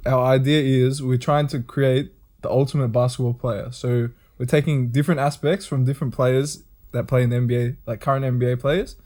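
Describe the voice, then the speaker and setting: A man's voice: medium pitch, steady tone, brisk, warm tone. A young man co-hosting a podcast, explaining the game plainly with a playful streak. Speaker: podcast co-host. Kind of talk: casual chat.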